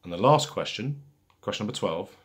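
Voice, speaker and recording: A man hosting a casual pub quiz, reading each question twice, slowly and deliberately, with chatty asides between rounds. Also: lowish voice, animated, breathy edge.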